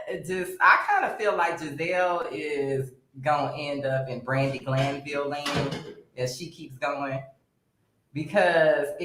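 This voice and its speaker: Low-voiced woman in an echoey room. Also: fairly bright tone. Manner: conversational, chiming in with hesitant restarts. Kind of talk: casual reality-TV gossip chat.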